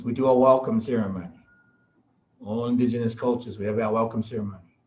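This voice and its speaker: A middle-aged man, a podcast guest and shaman, telling stories in a casual, animated way, laughing often and acting out the voices of people he quotes. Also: lowish voice, dull audio. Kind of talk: casual storytelling.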